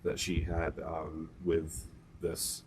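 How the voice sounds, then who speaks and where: A middle-aged man with a very deep voice talks over faint background noise. He speaks slowly and carefully as a podcast guest, pausing often on "uh" and "um". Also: completely flat delivery. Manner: measured, hesitant, many uhs and ums. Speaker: guest, host's partner. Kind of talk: casual conversation.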